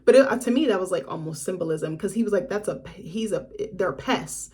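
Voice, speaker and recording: A woman's voice: mid-range voice, animated, fairly quick, darkish tone, husky. A woman casually reviewing a horror film in a vlog, chatty and frank, with sassy asides and free swearing.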